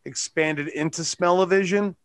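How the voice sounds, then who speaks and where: A man's voice: sits high, moderate pace, a bit bright, smooth. A man co-hosting a podcast over a video call, chatting casually and cracking jokes in a mock courtroom manner. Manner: jokey, slips into mock courtroom speech. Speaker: podcast co-host. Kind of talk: casual chat.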